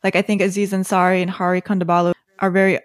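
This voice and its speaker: A woman's voice: lowish voice, level tone, fast talker, dry recording. Woman interviewer asking questions.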